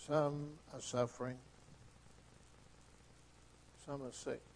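A man preaching a sermon with emphatic delivery that swings between hushed, soft phrases and loud, stressed ones. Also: medium pitch, flat delivery, slow pace, creaky, slight background noise, low-quality recording.

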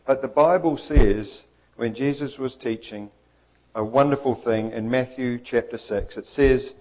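An earnest male preacher delivering a sermon with emphasis and repetition. He acts out the figures he quotes while keeping to a steady preaching delivery. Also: medium pitch, a little slow, rough recording.

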